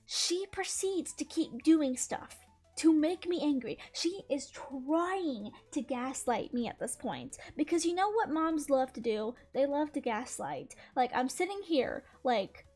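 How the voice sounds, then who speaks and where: A young woman with a high, light voice tells a story in casual, chatty fashion. She sounds exasperated and animated and laughs often as she recounts things. Faint music plays softly behind her. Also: measured pace. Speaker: gaming channel host.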